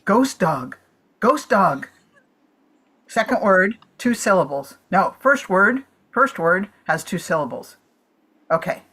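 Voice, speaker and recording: A woman improv performer on a video call, thinking aloud in halting bits while guessing. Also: mid-range voice, animated, a bit bright, slightly rough. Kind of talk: guessing game banter.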